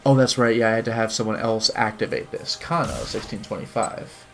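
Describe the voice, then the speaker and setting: A man's voice: fairly low pitch, steady tone, fairly quick, faint music behind. A man playing a visual novel on stream, chatting casually and reading its narration and dialogue aloud with light character voices. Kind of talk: casual game commentary with read-aloud narration.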